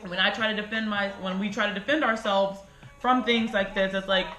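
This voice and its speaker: A woman in her twenties vlogging at home in a blunt, frustrated, animated way. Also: mid-range voice, brisk, echoey room, soft background music, rough recording. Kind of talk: casual talking-head vlog rant. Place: home bedroom corner.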